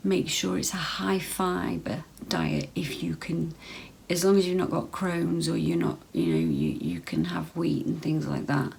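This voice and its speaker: A woman's voice: sits low, big pitch swings, measured pace, creaky, a little mellow, slight background noise, low-quality recording. A woman vlogging casual health advice straight to camera, chatty, full of ums and repeated phrases.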